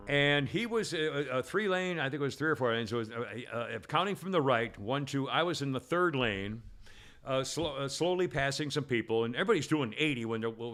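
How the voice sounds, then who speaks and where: A man hosting a podcast, telling a long story in casual chat with many restarts and false starts, getting loud as he gets worked up. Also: mid-range voice. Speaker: podcast host.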